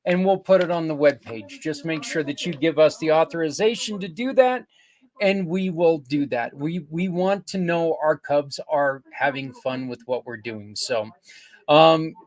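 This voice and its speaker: An older man hosting a podcast, earnestly pitching community partners in a rambling, casual way with many restarts. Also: a little slow. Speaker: podcast host. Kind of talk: casual promotional talk.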